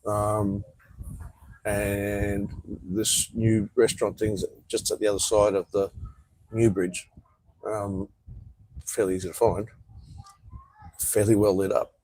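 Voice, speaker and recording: Laid-back Australian man, dark husky voice. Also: lowish voice, flat delivery, slow pace, pauses often, no echo, rough recording. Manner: rambling, laid-back, reads out viewer comments. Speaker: vlogger. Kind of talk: casual live-stream chat. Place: outdoor patio.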